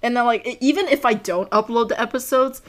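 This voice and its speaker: A woman's voice: fairly high pitch, quick pace. A young woman hosting a podcast, chatting casually and rambling with many fillers like "like" and "you know". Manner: rambling, heavy use of "like". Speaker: podcast host. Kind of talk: casual chat.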